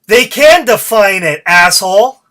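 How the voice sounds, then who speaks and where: A man rants alone into his podcast mic, swearing freely and working himself into a fired-up state. His voice has a bright, cutting edge throughout. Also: sits high, animated, unhurried. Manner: fired-up, profane, ranting. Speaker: podcast host. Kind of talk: solo podcast rant.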